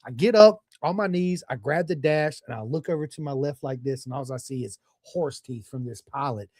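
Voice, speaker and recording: A man telling stories in a casual podcast chat, swearing freely and talking with animated energy. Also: mid-range voice, a little fast, dry recording, studio quality. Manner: profane, animated storytelling.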